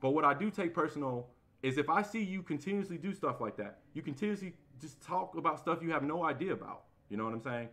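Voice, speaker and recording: Loud, forceful man streaming a game. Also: fairly high pitch, animated, fast, few pauses. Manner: loud talker, voice carries; heated, defensive, sets the record straight. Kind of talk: live-stream rant while playing.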